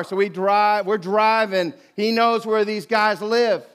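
A middle-aged man preaching a sermon, telling a story with lively acted-out voices. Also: sits high, slow pace, clean tone. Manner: storytelling, animated, acts out quoted voices. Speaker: pastor.

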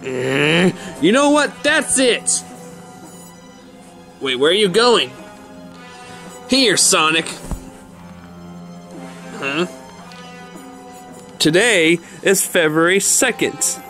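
A man's voice: fairly high pitch, animated, extremely slow, long pauses, pushed and bright, soft background music, full character voice. A man voicing Mario as a short-tempered plumber who rants and swears when angry. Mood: furious. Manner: exasperated, swearing, ranting. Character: Mario, short-tempered adult male plumber, easily enraged. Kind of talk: toy stop-motion fan skit voice.

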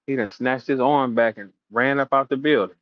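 A man's voice: medium pitch, normal speed, no echo, lo-fi sound. A man hosting a battle rap audio room, telling stories and taunting a rival in a profane, casual rant. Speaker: battle rap show host.

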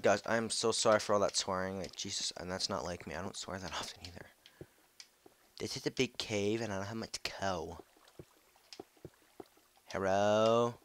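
A man giving casual commentary while playing a game, swearing freely, shouting at monsters and muttering to himself. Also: lowish voice, slight background noise. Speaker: video host.

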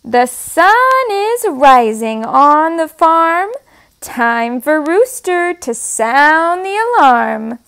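A woman reads farm picture books to toddlers, high-pitched and sing-song. She goes very slowly, pausing over each word and making animal sounds for the little ones. The tone is gentle and encouraging, like a storytime leader. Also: big pitch swings, vocal fry.

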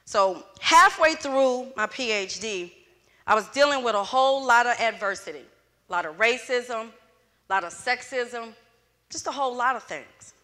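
The closing speaker at a student event, a middle-aged woman from Louisiana, speaks unhurriedly in a slightly high voice. She animatedly recounts her story and acts out the dialogue in a motivational speech, recorded in an echoey hall before the students.

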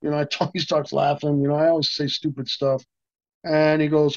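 An older man, a stuntman and actor appearing as an interview guest, tells a profane, animated story, repeatedly restarting mid-sentence and laughing. His voice sits a little higher than most men's and he speaks briskly, in a dry, slightly muffled recording.

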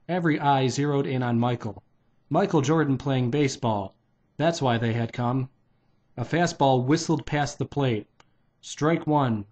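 A man's voice: medium pitch, darkish tone. Man casually reading a kids' book aloud. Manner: plain, unpolished read-aloud. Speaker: reader.

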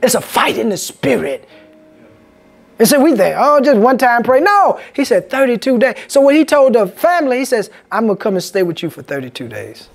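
Male pastor, preaching in a church, pitch rising and falling widely, call-and-response delivery. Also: sing-song, a little fast, vocal fry, faint music behind. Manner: call-and-response, asks congregation "Amen?". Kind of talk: sermon. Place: church sanctuary.

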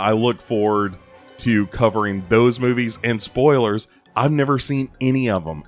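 A podcast host signs off in a chatty, casual way, filling his pauses with "uh". His voice sits fairly low, and faint music plays underneath. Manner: chatty, with frequent fillers.

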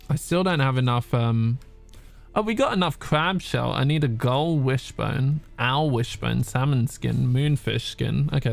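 Slow-talking gravelly man streaming a game. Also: medium pitch. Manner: chatty, swearing, laughing, reading chat aloud. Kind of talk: casual gameplay commentary.

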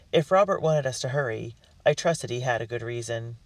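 A man narrating a storybook in the first person with an earnest, expressive delivery. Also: medium pitch, fairly quick, no echo. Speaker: audiobook reader. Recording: dry, distant mic.

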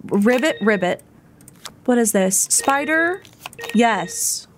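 A woman's voice: a little high, expressive, takes it slowly, a little hiss or hum. A young woman casually chatting and muttering to herself as she plays a video game on a live stream, often repeating words under her breath and giggling. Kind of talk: casual live gameplay chat.

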